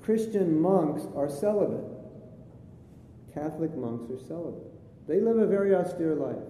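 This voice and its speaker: A man as spiritual teacher giving a chatty sermon with jokes, in a live recording from an echoey hall with a faint rumble. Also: lively intonation, moderate pace, warm tone. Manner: chatty storytelling, jokey asides.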